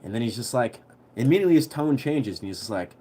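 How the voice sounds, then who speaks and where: A young man telling a story on a livestream in a relaxed, rambling way, full of fillers. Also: medium pitch, quick pace, husky. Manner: rambling, heavy on fillers, laid-back.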